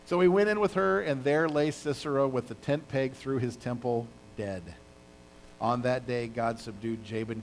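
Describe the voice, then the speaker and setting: A male pastor delivers a sermon in a casual, storytelling way, full of exclamations and asides. His voice sits in a middle pitch. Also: normal speed, a little hiss or hum, low-quality recording. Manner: animated, casual storytelling with sound effects.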